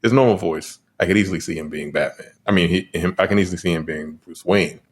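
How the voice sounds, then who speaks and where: Deep, husky, blunt podcast man. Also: fast. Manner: blunt, profane, laughing asides. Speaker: podcast co-host. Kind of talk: casual chat.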